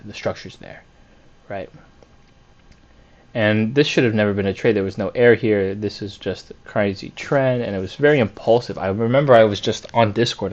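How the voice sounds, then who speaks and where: A man's voice: fairly low pitch, highs cut off. A man reviewing his week of trades on a chart, candid and self-critical, thinking aloud with fillers and restarts. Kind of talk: screen-share trade review.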